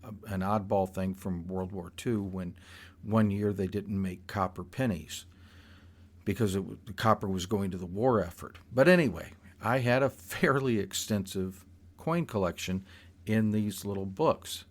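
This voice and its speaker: Older man, low-pitched, casual storyteller who rambles and restarts mid-sentence. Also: a little slow. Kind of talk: personal storytelling.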